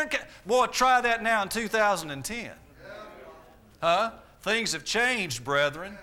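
A man in his forties delivers a sermon from the pulpit. His voice sits high for a man and rings with a bright, forceful edge. He drives his points home through repetition and rhetorical questions. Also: expressive, measured pace. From Arkansas, US. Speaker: preacher.

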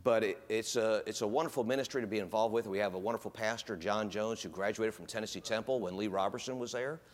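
A man's voice: fairly low pitch, fast. A man in his fifties, speaking as a guest at a church in a folksy, rambling way, full of fillers and restarts. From United States. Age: 50s. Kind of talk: informal church talk.

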